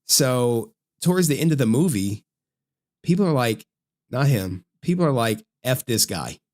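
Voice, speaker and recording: A man casually recapping a film on his stream, speaking at a middling pitch. He tells the story animatedly and keeps checking in with "right?". He acts out the quoted lines in shifting voices. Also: animated, normal speed, darkish tone.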